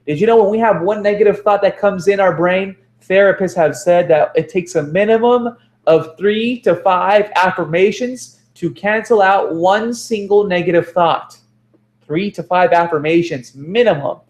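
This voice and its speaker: A man's voice: high-pitched, moderate pace, echoey room. A man giving a motivational self-help talk, repeating phrases for emphasis and correcting himself as he goes.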